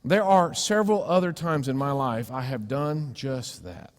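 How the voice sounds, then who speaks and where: A man preaching a sermon, telling a personal story with sudden loud cries and hushed, gentle asides. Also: medium pitch, animated, normal speed. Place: church sanctuary. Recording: long church reverb.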